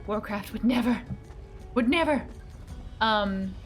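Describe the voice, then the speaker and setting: High, bubbly woman streamer. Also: slow, soft background music. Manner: bubbly, giggly, chatty. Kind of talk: casual live-stream chat while gaming.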